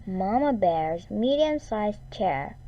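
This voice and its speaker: A woman reads a children's fairy tale aloud at an unhurried pace. Her pitch rises and falls with lively expression, and she drops to a whisper now and then. Her tone is mellow, and the recording sounds dull and lo-fi. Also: a little hiss or hum. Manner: slow, expressive read-aloud with whispered asides. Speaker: storyteller. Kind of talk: children's story reading.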